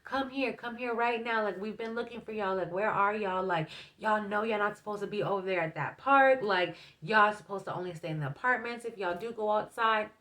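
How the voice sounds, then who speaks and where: A stern father put on by a woman scolds his kids in firm, insistent bursts. His voice carries clear authority. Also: medium pitch, brisk, few pauses, fairly bright tone, close to an everyday voice. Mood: scolding.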